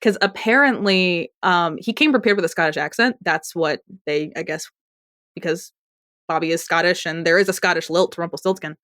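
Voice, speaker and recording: A podcast co-host with a lowish, slightly bright voice talks at normal speed, recapping a TV episode in a chatty, rambling way with restarts and laughter. The audio is studio quality with no echo.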